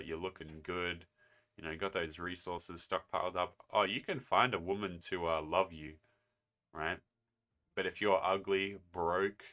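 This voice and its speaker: A young man hosts a reaction video, with a very low voice that still has a bright, sharp edge. He talks sarcastically, lecturing his viewers. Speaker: response video host. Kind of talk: casual commentary.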